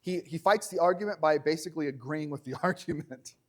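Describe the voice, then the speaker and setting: Animated, higher-voiced male preacher. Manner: animated and joking, slows down when reading scripture. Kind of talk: conversational sermon. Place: church.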